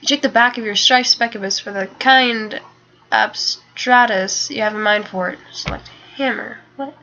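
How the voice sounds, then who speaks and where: A woman's voice: fairly high pitch, moderate pace, bright, forceful tone. A young woman reading a webcomic aloud in a casual way. She is sleepy, keeps yawning, and trips over words she is unsure of. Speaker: webcomic reader. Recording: dull lo-fi home mic.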